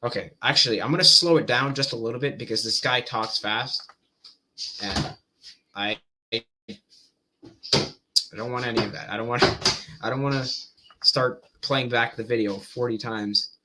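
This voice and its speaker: A man commenting on a debate clip in casual chat, thinking aloud, halting and repeating words as he goes. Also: mid-range voice, fairly even intonation, heavy background noise.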